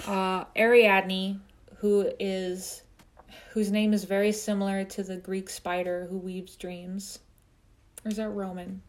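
A woman's voice: medium pitch, little pitch movement, a little slow, darkish tone. A woman with a Midwestern accent co-hosting a movie review podcast, chatty and joking as she recaps the plot. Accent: Midwestern American. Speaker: podcast co-host. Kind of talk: casual movie review chat.

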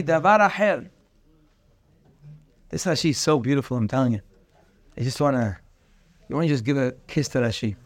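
A man's voice: on the high side, dry recording. A man teaching a daily Torah class, acting out bits of dialogue and mixing in Hebrew terms. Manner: animated, acts out dialogue, mixes in Hebrew terms.

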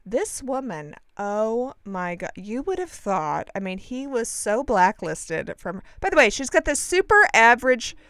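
A young woman rambles through a story for her listeners, full of fillers, asides and self-corrections. Her voice is smooth and clear, with lively jumps in pitch. The recording is dry and close. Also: unhurried, few pauses, no echo. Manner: chatty, animated, acts out quoted dialogue, frequent fillers and self-corrections.

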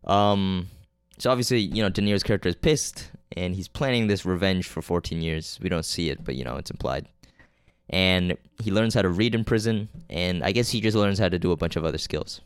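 A man with a deep, smooth voice gives a casual solo movie recap on his podcast, talking briskly with a dry, close sound and no room sound. Rambling and unpolished, he piles on ums and restarts, swears a lot, and loses track of names partway through sentences.

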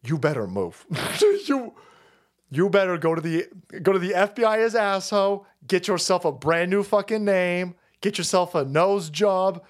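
A man's voice: high voice, normal speed. A man hosting a livestream, ranting crudely with frequent laughter and repeated words. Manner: crude, laughs often, rambling and repetitive. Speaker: livestream host. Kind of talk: profane ranting commentary.

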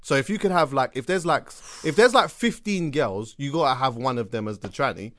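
A man with a London accent, a podcast host telling animated, slang-heavy stories in a casual chat. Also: medium pitch, a little fast, dry recording, clean studio sound. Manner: animated storyteller, slangy, bursts into laughter.

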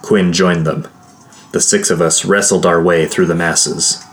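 A man narrating a first-person fantasy adventure in a steady, measured storytelling voice. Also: sits low. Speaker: audiobook narrator.

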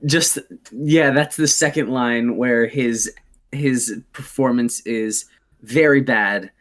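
A man talking about a film on a podcast in a dry, measured way. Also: mid-range voice, a bit bright. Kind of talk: casual film discussion.

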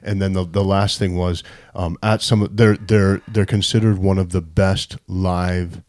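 A man's voice: low voice, little pitch movement, measured pace, a little mellow, dry recording. A man hosting a casual podcast, chatty and leading the questions. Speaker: podcast host.

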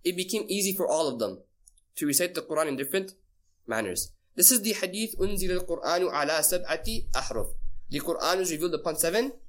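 A man's voice: on the high side, expressive, very fast, fairly bright tone. A man teaching a casual class, quizzing his listeners and repeating key phrases for emphasis. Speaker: Islamic teacher.

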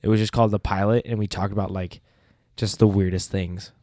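A young man co-hosts a casual podcast, spinning stories with lots of laughter and a loose, swearing delivery. His voice sits a little low and sounds close and dry on the mic. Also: a little fast, dry recording. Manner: animated storyteller, laughs often, swears. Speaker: podcast co-host. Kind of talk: casual chat.

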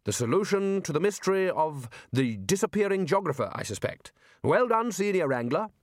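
A man's voice: high-pitched, big pitch swings, normal speed, no room sound, clean studio sound, pitched above the performer's own voice. A man voicing a blustering, bossy male wizard chief who fires off hectoring questions.

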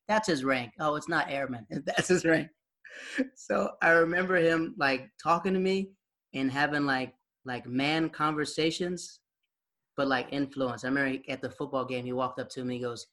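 A man's voice: mid-range voice, moderate pace, fairly bright tone. A young adult man sharing memories in casual chat, rambling, with lots of filler words and frequent laughs.

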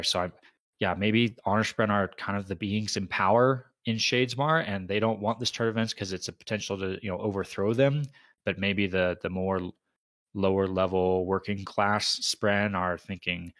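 Podcast co-host, man, low-pitched, dry close sound, thinking aloud. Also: moderate pace, a bit bright, no echo. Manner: musing, questioning, thinks aloud. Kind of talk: casual book discussion.

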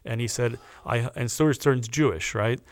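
Speaking at normal speed in a mid-range voice, a male podcast guest shares a personal story with earnest animation, performing the people he quotes.

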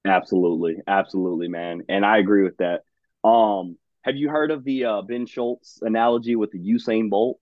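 A man's voice: on the low side, fairly even intonation, brisk, no echo. A man hosting a casual podcast conversation, enthusiastic and saying "man" often. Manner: enthusiastic, says "man" a lot. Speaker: podcast host. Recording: dry, tinny phone-like line.

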